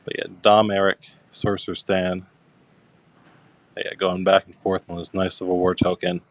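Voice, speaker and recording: Young male auction host, deep and even-toned, easygoing live-stream patter. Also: moderate pace, no room sound. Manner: easygoing, describes coins and thanks bidders. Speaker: coin auction seller.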